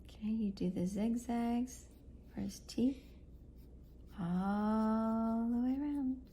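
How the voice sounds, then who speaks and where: A woman's voice: fairly high pitch, takes it slowly, dark tone, a little hiss or hum. A woman in her thirties giving a chatty, encouraging step-by-step drawing lesson for kids, thinking aloud as she draws. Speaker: art teacher.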